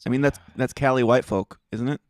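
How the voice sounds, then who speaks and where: A man's voice: mid-range voice, steady tone, brisk, no room sound. A man co-hosting a casual news podcast who laughs often and tosses in dry asides. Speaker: podcast co-host.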